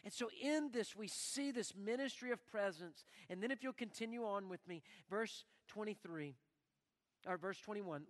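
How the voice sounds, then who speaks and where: A man preaching a sermon as pastor in a church, animated and acting out the prayers he quotes. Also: high voice, normal speed. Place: church sanctuary. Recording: long reverb of a church hall.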